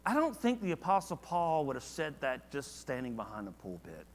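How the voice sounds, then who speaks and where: A man's voice: a little high, unhurried, in a large hall. A man leading a church Bible study in a casual, conversational way, often asking the class questions. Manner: conversational, asks the class questions, animated when reading verses.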